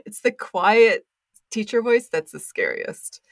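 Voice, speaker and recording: A woman being interviewed as a podcast guest, chatting in a relaxed way with plenty of fillers. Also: mid-range voice, slow, no echo, clean studio sound. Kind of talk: casual interview chat.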